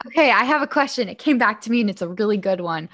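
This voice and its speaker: A woman's voice: medium pitch, lively intonation, fast talker, a bit bright. A woman hosting a casual podcast chat, who listens with frequent "mm-hmm" and asks easygoing questions. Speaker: podcast host.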